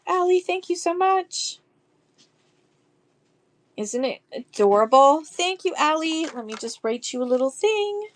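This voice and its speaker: Slow, gushing woman auction streamer. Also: high-pitched, a little hiss or hum. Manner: gushing, slow and chatty, reads verses aloud. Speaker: live online auction seller. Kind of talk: casual live-stream selling.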